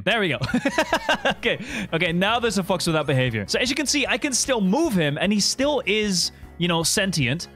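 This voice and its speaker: A man hosting a gameplay video, excited and laughing often as he commands in-game foxes. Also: high voice. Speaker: gaming video host.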